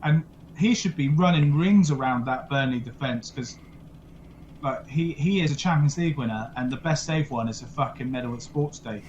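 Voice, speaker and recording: A man's voice: mid-range voice, moderate pace, a little mellow, highs cut off. Young man, casual football chat, blunt, swears a lot, video call, faint background noise. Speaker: football podcast co-host.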